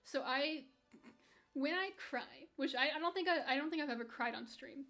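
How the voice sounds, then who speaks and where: High-voiced young woman chatting candidly. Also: moderate pace, bright, forceful tone, soft background music. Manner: rambling and candid, with frequent restarts and light laughs. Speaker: streamer. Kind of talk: casual chat reading live chat while gaming.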